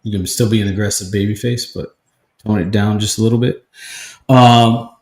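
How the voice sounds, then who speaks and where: A man's voice: on the low side, steady tone, normal speed. A man co-hosting a podcast in casual, enthusiastic chat, saying dude and like. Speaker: podcast co-host. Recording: roomy echo.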